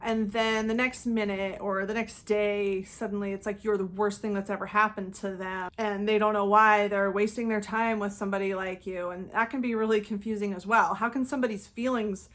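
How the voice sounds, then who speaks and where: A woman speaks straight to her viewers in a loose, conversational way. Her voice sits at a middle pitch. She now and then slips into quoted voices before going back to her own easy tone. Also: level tone, moderate pace, few pauses, fairly bright tone. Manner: conversational, acts out quoted outbursts with laughs. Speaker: channel host. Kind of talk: casual talking-head commentary.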